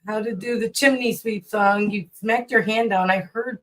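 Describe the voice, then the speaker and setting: A woman's voice: medium pitch, steady tone, moderate pace, a bit bright. A woman chiming in from off camera with teasing, dry remarks in casual banter. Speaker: off-camera co-host.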